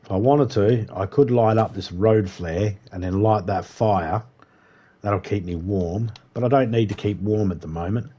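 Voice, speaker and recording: Guy streaming a game, mellow voice, rambles on and swears a lot. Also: lowish voice, moderate pace, slightly rough. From United States. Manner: rambling, profane, chatty monologue. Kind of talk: casual live-stream commentary.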